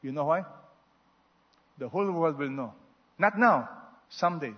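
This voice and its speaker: A man preaching a sermon, swinging between loud exhortations and soft asides and having the congregation repeat after him. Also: a little high, normal speed, pauses often. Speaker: pastor. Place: large church hall. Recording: muffled sound with long hall reverb.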